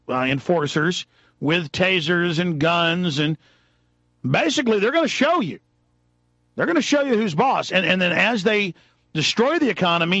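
A man hosting a radio talk show, delivering a heated, angry political rant that builds into shouting. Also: fairly high pitch, no room sound, muffled recording. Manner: fast, angry, rising to shouts. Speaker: radio host.

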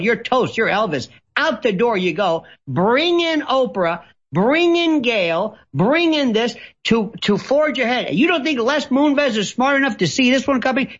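Animated ranting man, husky voice. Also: very high voice. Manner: theatrical, sarcastic, ornate vocabulary; slips into mocking put-on voices. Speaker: guest commentator. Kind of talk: ranting talk-show commentary. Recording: dull lo-fi audio.

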